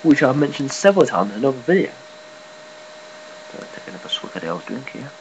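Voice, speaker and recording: A man giving a casual, rambling vlog update, swearing offhandedly and filling pauses. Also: medium pitch, sing-song, vocal fry, slight background noise, poor audio. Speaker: gaming and news vlogger.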